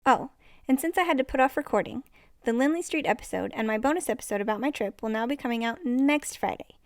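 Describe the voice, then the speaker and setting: Woman podcast host, bubbly and effusive, fairly high voice, dry close sound. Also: expressive, fast, dry recording. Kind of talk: casual podcast chat.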